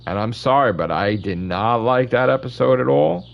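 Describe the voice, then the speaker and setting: A man's voice: mid-range voice, expressive, normal speed, creaky, dull audio. A man hosting his channel, ranting in casual fan commentary with blunt opinions and constant swearing. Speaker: channel host.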